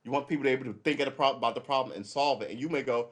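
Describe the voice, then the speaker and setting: A middle-aged man hosting a live stream, giving casual, rambling commentary as he reads and reacts to a news article, swearing freely. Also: mid-range voice. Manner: rambling and profane, acts out quick imagined dialogue.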